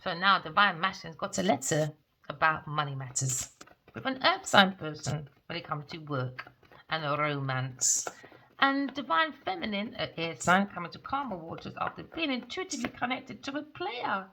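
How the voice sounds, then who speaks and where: A woman's voice: lowish voice, sing-song, moderate pace, sharp tone, slight background noise. A woman doing a casual tarot reading in a theatrical, sassy way, often swearing. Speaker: tarot reader.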